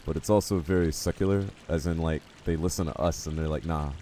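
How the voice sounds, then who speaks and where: A man streams a game live, and his casual, rambling chatter answers viewers as he plays. His voice sits very low, with a dark, mellow tone. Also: steady tone, fast, a little hiss or hum. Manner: casual, chatty, answers chat while playing. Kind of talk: live gameplay commentary.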